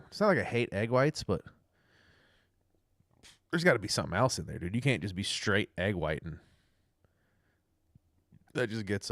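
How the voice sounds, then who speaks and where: A young man with a low voice rambles through a casual livestream rant, chatty and profane. He is recorded close and dry, with no room sound. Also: no echo. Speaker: livestream host.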